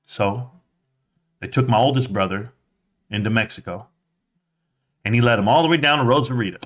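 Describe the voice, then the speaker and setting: A man hosting a livestream, telling a personal story in a casual, animated way, jumping into a higher voice to act out quotes. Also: normal speed. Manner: animated, acts out quotes in a high voice; conversational, with fillers and restarts. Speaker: livestream host.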